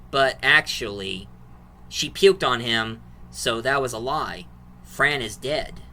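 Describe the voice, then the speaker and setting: Brief: male movie reviewer, casual and rambling, very bright, cutting tone. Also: mid-range voice. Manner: rambling plot recap, restarts and fillers.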